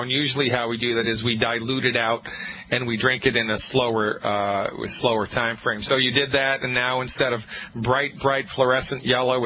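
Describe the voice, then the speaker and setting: A man's voice: mid-range voice, a little hiss or hum. Upbeat male radio host, muffled broadcast. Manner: upbeat, salesy, repeats key points. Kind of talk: call-in radio advice.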